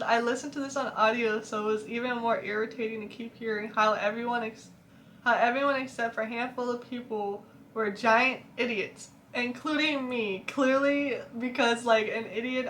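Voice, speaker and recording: Young woman, book vlogger; chatty, laughs a lot, bright tense voice with a slightly high pitch, light background hiss. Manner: chatty, laughs often, animated. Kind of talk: casual chat reacting to reviews.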